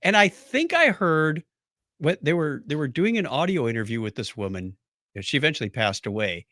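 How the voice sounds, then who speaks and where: Animated, bright-voiced podcast host. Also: male voice, on the high side, normal speed, no room sound, studio quality. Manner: rambling storyteller, animated, laughs often. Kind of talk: casual chat.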